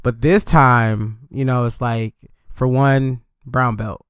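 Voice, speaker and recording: Brief: male host, mid pitch, smooth resonant voice, dry and close, relaxed delivery. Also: dry recording. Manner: relaxed, halting, with fillers. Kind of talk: casual conversation.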